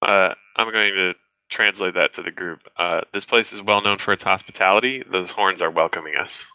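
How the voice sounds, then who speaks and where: A man's voice: low-pitched, moderate pace, pushed and bright, no echo, poor audio. A man playing in a tabletop game with dry, sarcastic remarks. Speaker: player.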